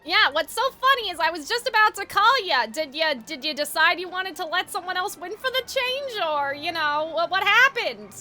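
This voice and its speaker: A woman's voice: very high-pitched, animated, moderate pace, few pauses, bright, forceful tone, faint music behind, full character voice. A woman playing a polite young fortune teller in a game, chatty and prone to stammering. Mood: flustered. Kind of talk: roleplay dialogue.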